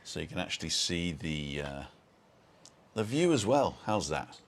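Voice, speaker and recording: A man's voice: low-pitched, sing-song, measured pace. A middle-aged man hosting a casual live stream from home, rambling along and greeting viewers by name.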